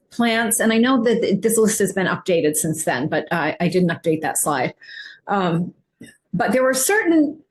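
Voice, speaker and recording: A woman nutrition coach, talking casually over slides, rambling with many fillers and restarts. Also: mid-range voice.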